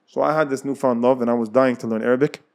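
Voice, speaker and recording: A man's voice: mid-range voice, fast talker, vocal fry. An American man casually telling his own life story, acting out the people in it and often laughing. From United States. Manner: animated, acts out dialogue, laughs often.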